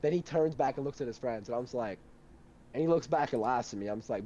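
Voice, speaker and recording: A young man tells a heated work story at a quick clip, swearing freely and getting animated. His voice is mellow and warm rather than bright. There is a faint hiss of background noise. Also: medium pitch, dull audio. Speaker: storyteller in a duo chat. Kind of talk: casual chat.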